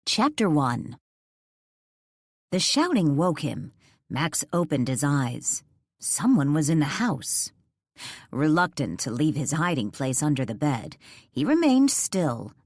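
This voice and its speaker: A woman narrating a ghost mystery audiobook in a measured, suspenseful way on a close studio mic. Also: low voice, sing-song, a little mellow, no echo. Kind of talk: scripted narration.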